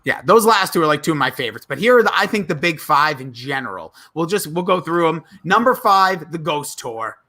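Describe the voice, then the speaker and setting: Animated high-voiced man on a podcast. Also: fairly quick, few pauses. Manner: animated, acts out sketch lines in put-on voices. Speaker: podcast co-host. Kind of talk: casual podcast chat.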